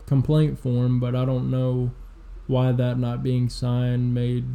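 Gravelly, mellow young man rambling. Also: medium pitch, monotone, slow. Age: 20s. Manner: rambling profane storytelling with lots of fillers. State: low energy. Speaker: podcast co-host. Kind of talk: casual chat.

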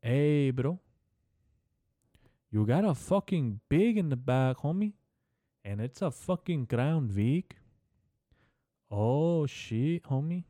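A man's voice: medium pitch, expressive, takes it slowly, long pauses, dark tone, no echo, voice pushed up. Brief: a man impersonating a swaggering street tough, slangy drawl, dry close sound.

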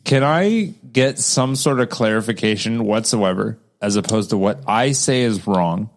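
A man's voice: on the low side, lively intonation, measured pace. A man co-hosting a podcast, bantering and joking in casual chat and swearing freely. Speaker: podcast co-host.

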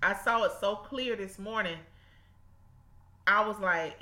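A woman's voice: mid-range voice, slow pace, long pauses, bright, forceful tone, reverberant. A woman preaching informally to her listeners, fervent and repetitive, breaking into laughs and exclamations. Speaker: podcast host and Bible teacher.

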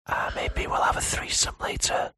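A Welsh man doing a whispered role-play as a seductive male ASMR host, slow and breathy close to a professional mic. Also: bright, forceful tone, no echo, natural voice. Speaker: podcast host. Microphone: professional microphone.

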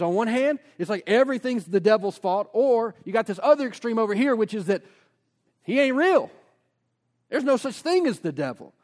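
A man preaching a sermon as a pastor, energetic, posing rhetorical questions and dropping in casual personal asides. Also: sits high.

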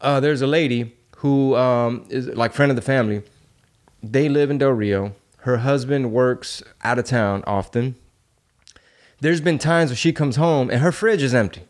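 A man's voice: mid-range voice, normal speed. A man hosting a podcast, talking bluntly and heatedly with lots of swearing and rhetorical questions. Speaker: podcast host. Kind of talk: casual opinionated chat.

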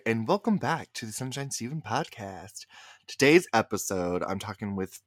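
Man, podcast host, bubbly, jokey, rambling, fairly low pitch, dry close sound. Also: animated, moderate pace, no room sound. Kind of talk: casual upbeat podcast chat.

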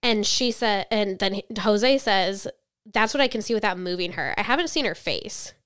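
A woman co-hosting a casual true-crime podcast, telling the story in a chatty way, with quotes read out flatly. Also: mid-range voice, normal speed, clean tone, dry recording, studio quality. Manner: chatty, reads quotes flatly then reacts.

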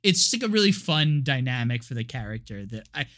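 A man's voice: medium pitch, big pitch swings, brisk, a bit bright. A man co-hosting a podcast, chatting casually about a movie, laughing often and talking with lots of filler words. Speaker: podcast co-host.

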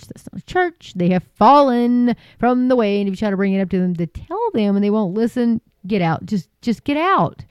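A woman's voice: medium pitch, mellow, no echo. A woman hosting a Christian commentary show, reading news aloud and breaking off with indignant asides. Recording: dull lo-fi sound.

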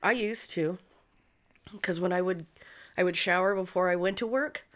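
A woman's voice: fairly low pitch, moderate pace. A woman co-hosting a podcast, telling stories in a blunt, casual way and swearing freely. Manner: profane, blunt storyteller. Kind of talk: casual storytelling chat.

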